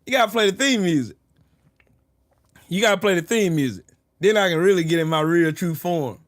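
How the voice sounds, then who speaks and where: A man's voice: high-pitched, animated, fairly quick, dry recording, clean studio sound. A man hosting a casual livestream, joking crudely and swearing often. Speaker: livestream host. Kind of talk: casual live-stream chat.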